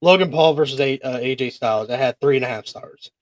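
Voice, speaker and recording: A man's voice: mid-range voice, fast, dry recording. A man hosting a casual wrestling podcast, teasing his co-hosts and moving through the matches. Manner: laughing, teasing, runs the segments. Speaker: podcast host. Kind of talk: casual chat.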